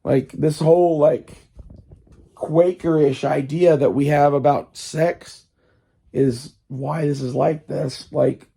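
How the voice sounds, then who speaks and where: A man's voice: a little high, steady tone, slow, creaky, warm tone, husky. A man with a strained voice that he says he can barely talk in, rambling profanely in a casual monologue full of fillers.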